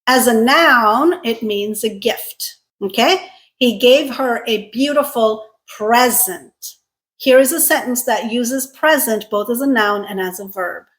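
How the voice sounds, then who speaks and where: A woman teaching English pronunciation, speaking slowly and carefully, stressing syllables to contrast word pairs. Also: a little high, fairly bright tone, low-quality recording. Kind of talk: scripted teaching.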